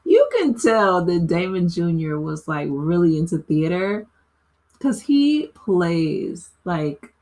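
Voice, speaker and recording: A woman's voice: fairly low pitch, slow, darkish tone. A woman casually recapping a TV episode for her channel, talking in a loose way with lots of "you know" and "like" and frequent laughs. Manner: chatty, filler-heavy with frequent "you know" and "like"; laughs often while talking.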